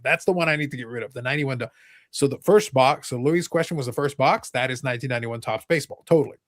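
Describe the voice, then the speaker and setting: A man hosting a casual live podcast, reading viewer comments and getting excited as he chats. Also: medium pitch, dry recording, studio quality. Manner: fast, excitable, reads viewer comments aloud. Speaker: podcast host.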